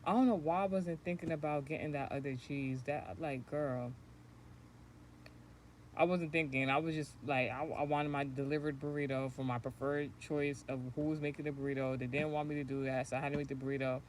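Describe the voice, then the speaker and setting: A woman's voice: low-pitched, steady tone, brisk, slight background noise. A woman hosting a spiritual channel, telling a long story in a casual livestream, rambling and swearing and laughing as she goes. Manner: rambling, profane, laughs often.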